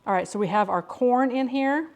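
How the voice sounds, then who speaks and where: A middle-aged woman with a slightly high, darkish voice cooks in her kitchen and talks casually to her stream's viewers at a moderate pace. She rambles and restarts often.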